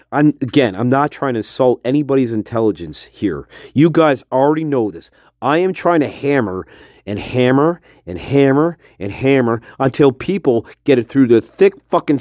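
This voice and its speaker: A man's voice: mid-range voice, darkish tone, dry recording, clean studio sound. A man hosting a livestream, ranting in a heated, profane and repetitive way. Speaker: livestream host.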